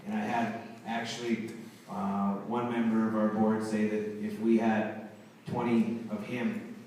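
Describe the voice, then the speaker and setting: A man's voice: fairly low pitch, level tone, unhurried, a little mellow. A man who is a hockey head coach, giving an unscripted awards banquet speech, rambling with fillers and restarts. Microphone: recorded from far off in the room. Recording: very echoey hall, distant mic, faint room noise.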